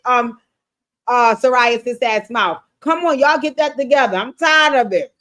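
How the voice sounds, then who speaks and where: Woman, livestream host, episode recap, casual, profane, animated storyteller, acts out quotes. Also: sits high, moderate pace. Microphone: streaming setup mic.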